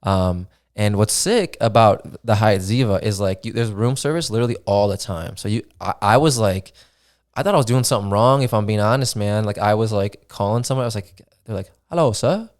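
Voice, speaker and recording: A young man hosting his own podcast, telling a travel story in a relaxed, casual way, full of fillers and swearing. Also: on the low side, a little fast. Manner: laid-back, swears freely, many fillers like "dude" and "man". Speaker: podcast host.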